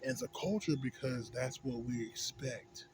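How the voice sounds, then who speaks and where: A young American man vents in a loose, profane monologue, full of slang and "you know what I'm saying." His voice sits at an ordinary middle pitch and drops to a mumble, then rises in heated bursts. A steady hum of noise runs under the home recording. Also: moderate pace. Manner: swings between mumbling low and loud heated outbursts. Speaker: vlogger. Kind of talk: casual profane rant. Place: indoors at home, smoking a pipe.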